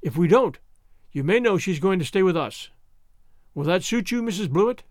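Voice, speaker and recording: A man voicing a reserved middle-aged spinster who speaks slowly and deliberately, in a storybook reading. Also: high voice, lively intonation, a little mellow, no room sound, studio quality. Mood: measured. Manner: slow and measured.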